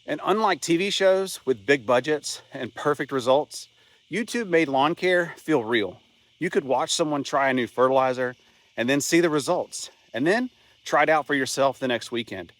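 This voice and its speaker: A man's voice: on the high side, lively intonation, normal speed, fairly bright tone, dry recording. A man narrating a scripted video essay in a plain, conversational way, with an occasional aside. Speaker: channel host.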